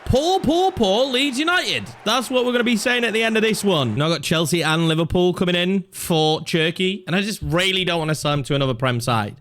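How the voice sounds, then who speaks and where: A young man commentating over his own football video game, excitable and swinging from low muttering to shouts at chances and goals. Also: fast talker, few pauses, a little hiss or hum. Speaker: gaming YouTuber. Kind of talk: live commentary over gameplay.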